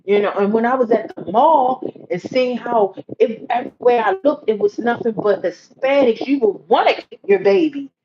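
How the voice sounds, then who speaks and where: A woman's voice: on the high side, lively intonation, normal speed, hardly any pauses. A woman hosting a faith-based livestream, earnestly urging her viewers and repeating herself for emphasis. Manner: earnest, exhorting viewers directly, repetitive. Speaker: livestream host. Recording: muffled livestream audio with background hiss.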